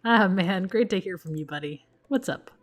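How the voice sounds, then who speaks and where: A woman's voice: on the low side, expressive, moderate pace. A woman voicing a goofy, sentimental middle-aged dad in a dating game, with dorky jokes.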